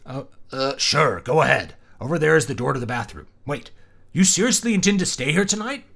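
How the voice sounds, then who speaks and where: A man's voice: mid-range voice, expressive, fairly quick, gravelly, fairly bright tone. A man voicing an awkward, flustered young man who stammers and blurts out his lines.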